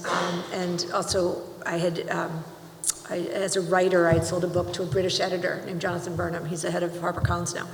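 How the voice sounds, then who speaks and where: A woman's voice: lowish voice, vocal fry. A middle-aged woman, a screenwriting teacher, talking casually on a panel in a large auditorium, chatty and breaking off mid-sentence. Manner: chatty, self-interrupting, laughs often. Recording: roomy hall with long reverb.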